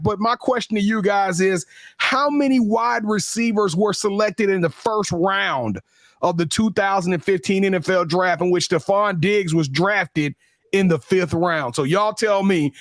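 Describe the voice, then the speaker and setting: A man with a Southern US accent co-hosting a sports podcast, excitable and joking as he runs a trivia giveaway. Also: high-pitched, no echo, studio quality. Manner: excitable, laughing, hype-man banter. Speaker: podcast co-host. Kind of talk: casual chat and trivia giveaway.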